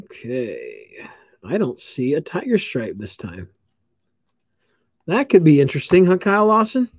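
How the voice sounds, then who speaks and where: A man's voice: on the high side, huge pitch swings, a little slow, slightly rough, no room sound. A man hosts a live card break stream, taking his time as he names each pulled card and cheers on the buyers. His voice comes through dull and lo-fi, with a dry, close sound and no room around it. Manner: upbeat, congratulating viewers while calling out cards.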